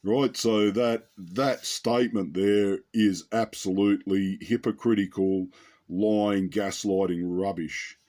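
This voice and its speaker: A man's voice: lowish voice, fairly even intonation, takes it slowly, a little mellow. An Australian man giving an unscripted, heated commentary monologue, rambling and often tagging his points with "right?" and "mate".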